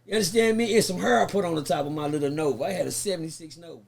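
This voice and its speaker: High, gravelly man. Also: very fast. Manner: profane, lively, acts out the voices he quotes. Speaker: podcast guest. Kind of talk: casual storytelling.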